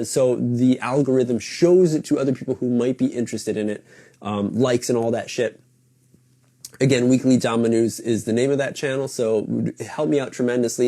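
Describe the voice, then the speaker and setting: A man's voice: medium pitch, warm tone. A man hosting a weekly hobby podcast, chatting loosely and rambling, swearing casually as he talks. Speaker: podcast host. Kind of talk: casual live-stream chat. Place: home in Japan.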